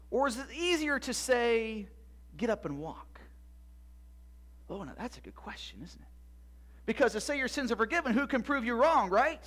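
A man's voice: sits high, fairly bright tone. A man performing a dramatic church monologue as an eager young boy from biblical times, retelling a story with stammered restarts. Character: excitable little Jewish boy in Jesus' time.

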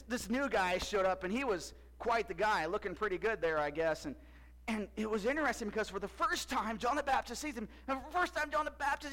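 A man's voice: high voice, sharp tone, low-quality recording. A man performing a playful first-person Bible story monologue, joking and quizzing the audience. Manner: playful, jokey, asks audience questions. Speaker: costumed storyteller in church skit.

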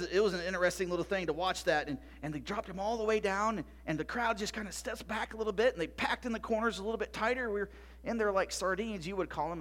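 A man playing an excitable little boy. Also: high-pitched. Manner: eager, breathless retelling with stammered restarts. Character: excitable little Jewish boy in Jesus' time. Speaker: church storyteller. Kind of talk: dramatic monologue for a church audience.

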